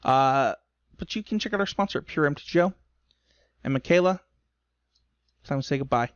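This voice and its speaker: A man with a fairly high voice rambles through a casual podcast chat, joking at his own expense and getting emotional. The sound is dry and muffled, like a remote call recording. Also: expressive, moderate pace, no echo. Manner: rambling, self-deprecating, emotional. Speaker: podcast co-host.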